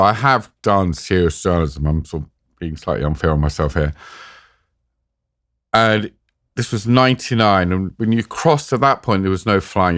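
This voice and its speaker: A middle-aged British man, a war journalist appearing as a guest, tells war stories in an interview with a low-pitched, fairly bright voice. He's self-mocking and animated, acting out the voices he quotes, recorded on a podcast mic with clean studio quality and no echo.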